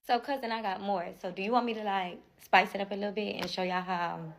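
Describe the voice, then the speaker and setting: A young woman telling a personal story to her followers in a chatty, animated way, often talking to them directly. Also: medium pitch, quick pace. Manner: animated, chatty, often addresses viewers as y'all. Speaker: storytime creator.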